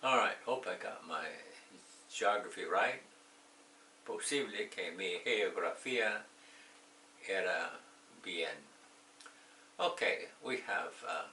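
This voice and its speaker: A man teaching beginning English in slow, careful steps, switching between English and Spanish to explain. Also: fairly low pitch, sharp tone, a little hiss or hum. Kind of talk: slow bilingual lesson with jokes. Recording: echoey room, mic a bit distant.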